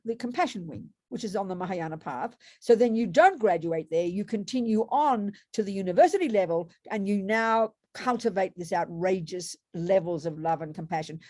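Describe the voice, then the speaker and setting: A woman's voice: medium pitch, darkish tone, no echo, studio quality. A woman giving a Buddhist dharma talk to students, conversational, with rhetorical tag questions and frequent restarts. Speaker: Buddhist meditation teacher.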